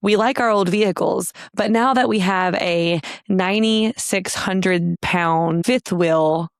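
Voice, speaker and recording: A woman's voice: medium pitch, slow pace, clean tone, dry recording, studio quality. A woman in her thirties co-hosting a podcast in casual, rambling chat, laughing often and leaning on "like" and "you know". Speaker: podcast co-host.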